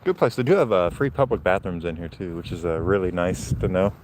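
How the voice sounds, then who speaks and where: Male vlogger, lowish voice, rambling live walk outdoors in winter wind, phone mic, faint background noise. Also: animated, a little fast. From Central Florida. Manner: casual, rambling, talks to viewers. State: cold. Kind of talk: live walking vlog. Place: outdoors on a snowy, windy night. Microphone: handheld phone.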